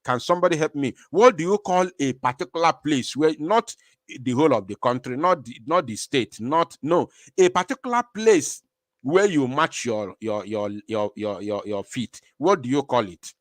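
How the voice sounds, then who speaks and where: A man's voice: mid-range voice, normal speed, no room sound, clean studio sound. A man hosting a live-stream commentary, rambling and talking straight to his viewers. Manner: animated, rambling, speaks to viewers. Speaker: online show host.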